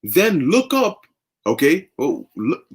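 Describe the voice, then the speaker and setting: Man, young adult preacher, fervent casual scripture talk, husky, slightly high voice. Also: huge pitch swings, slow. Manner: fervent, conversational, often says "man" and "okay". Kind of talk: informal scripture teaching.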